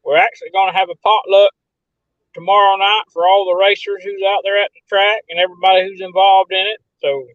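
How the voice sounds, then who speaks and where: A man with a fairly high voice joins over a remote call, and the audio is dull and muffled. He is an event organizer who talks in a relaxed, loose way, and there is almost no room sound. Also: a little fast, no echo. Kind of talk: casual remote chat.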